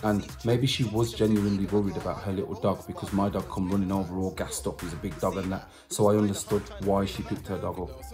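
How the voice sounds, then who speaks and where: Speaking at a quick pace in a low voice with fairly even intonation, this vlogger and musician addresses his subscribers with music in the background. He casually tells a personal story to camera, chatting repetitively and slipping in slang asides.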